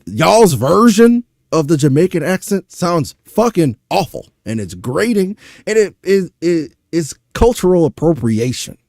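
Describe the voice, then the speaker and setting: A man's voice: on the high side, a little mellow, dry recording, clean studio sound. A young man from Louisiana with a Louisiana accent, exasperated and profane, ranting through a reaction stream. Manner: exasperated, profane, rhetorical questions.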